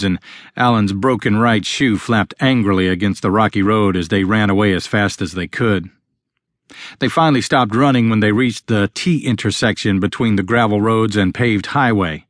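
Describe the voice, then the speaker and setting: A man narrating a novel as an audiobook, reading steadily and in a measured way. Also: fairly low pitch, dry recording, clean studio sound. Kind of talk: scripted narration.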